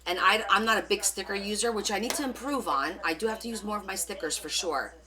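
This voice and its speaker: A woman's voice: mid-range voice, fast, crowd noise. A woman hosting a live crafting stream, chatting casually and rambling as she answers viewers' comments.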